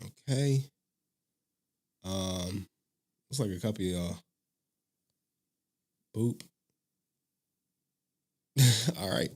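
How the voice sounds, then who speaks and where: A man's voice: fairly low pitch, extremely slow, pauses often. A man hosting a casual live stream who talks to his chat in a loose, rambling way and laughs often. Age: adult father of a young child.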